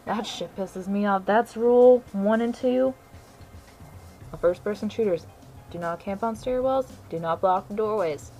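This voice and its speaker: A woman's voice: medium pitch, a little slow, warm tone, rough recording. A young woman gamer ranting to camera in a brash, sarcastic, profane way about trash talk in online games. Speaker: gamer vlogger. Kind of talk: casual ranting monologue. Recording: faint music underneath.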